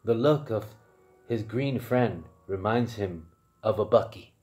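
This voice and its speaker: A man's voice: fairly low pitch, slow, a little mellow. A man narrating his own improvised fan role-play story as channel host, rambling and correcting himself as he goes.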